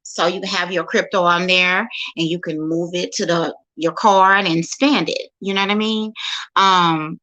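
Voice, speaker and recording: A woman from St. Louis, a guest speaker, talking casually over a phone livestream, halting with many fillers and restarts. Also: lowish voice, steady tone, sharp tone, low-quality recording. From St. Louis, USA.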